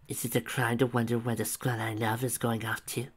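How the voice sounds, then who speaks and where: A man reading a fan story aloud, voicing a teasing young woman in a soft, breathy whisper. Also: mid-range voice, little pitch movement, brisk, lightly acted. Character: young adult female, affectionate, teasing.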